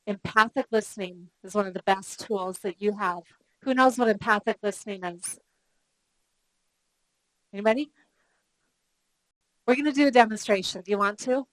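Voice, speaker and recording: A woman's voice: mid-range voice, moderate pace, long pauses, no room sound, low-quality recording. A middle-aged woman running a live customer service training workshop, telling stories and asking the room questions. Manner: lively storytelling, asks the room questions.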